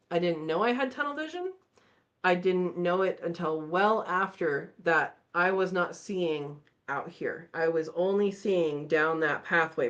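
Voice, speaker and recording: Woman, host, lower voice, animated storyteller, muffled lo-fi recording. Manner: animated, acts out voices in her stories. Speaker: channel host. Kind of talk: casual storytelling in a live chat.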